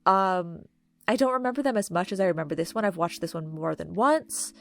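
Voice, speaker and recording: A woman chatting casually to camera while ranking movies, gushing and filling pauses with "um" and "like". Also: on the low side, expressive, slight background noise. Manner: chatty, gushing, many fillers. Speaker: video creator ranking movies. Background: faint background music.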